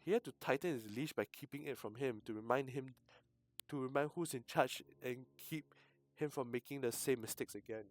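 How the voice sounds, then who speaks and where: A male streamer reading a visual novel aloud, breaking off into loud outbursts and swearing. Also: medium pitch, moderate pace. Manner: reads text with sudden loud outbursts and swearing.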